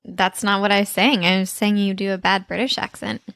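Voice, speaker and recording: A woman's voice: mid-range voice, level tone, a little fast, gravelly, fairly bright tone. A woman from Texas co-hosting a casual podcast, giggling and teasing her co-host. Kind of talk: casual chat.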